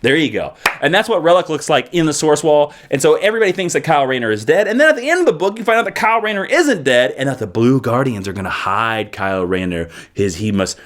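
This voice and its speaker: Animated, joking male comic reviewer. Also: a little high. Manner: animated, joking, quick asides. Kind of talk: casual review vlog.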